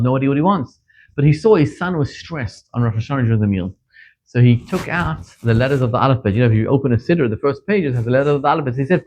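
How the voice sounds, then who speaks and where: A middle-aged man from Zimbabwe, a rabbi giving a sermon and telling stories, his voice climbing sharply whenever he stresses a point. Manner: animated storyteller, pitch leaping up for emphasis. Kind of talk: sermon with storytelling. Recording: dull lo-fi recording.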